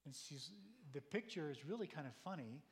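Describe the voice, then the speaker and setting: A man preaches in a conversational, storytelling way, leaning on rhetorical questions. His voice sits fairly high for a man. It carries a long reverb from a large hall. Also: animated, fairly quick. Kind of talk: sermon.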